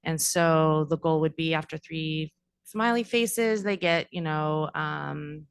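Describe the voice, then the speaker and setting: A woman's voice: deep voice, takes it slowly, creaky, clean tone. A young adult woman from the school district explaining classroom strategies at a board meeting, informal with many fillers. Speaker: district staff presenter.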